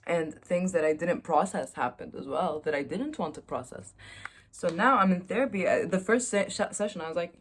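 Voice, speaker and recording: Young woman vlogger with a slightly low voice, candid and self-mocking, casual confessional delivery. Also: moderate pace.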